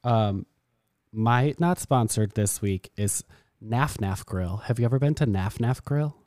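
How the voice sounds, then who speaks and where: Animated young man, dry close sound. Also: lowish voice, a little slow, no room sound. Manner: animated storytelling, acts out quotes. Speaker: podcast co-host. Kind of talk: casual chat.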